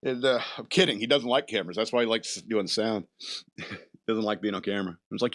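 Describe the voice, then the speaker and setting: A man hosts a relaxed chat show, talking loosely and rambling from one thought to the next. He chuckles between lines and slips into silly character voices as he goes. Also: on the low side, a little fast. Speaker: podcast host. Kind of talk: casual chat.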